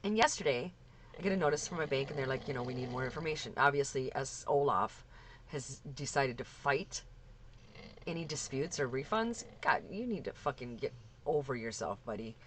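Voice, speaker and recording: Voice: medium pitch, lively intonation, moderate pace, fairly bright tone, slight background noise. Heated, profane vlogger rant. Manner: profane, heated, repeats and restarts. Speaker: scam victim vlogger. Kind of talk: angry rant to camera.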